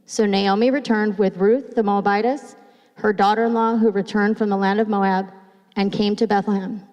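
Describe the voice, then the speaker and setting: A woman pastor preaching in a church, her voice at a middle pitch for a woman. She reads scripture slowly and retells it in her own words, a little nervous, with halting restarts. Long reverb from the church hall trails after each phrase. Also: steady tone, darkish tone, muffled recording. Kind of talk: sermon with scripture reading. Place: church sanctuary.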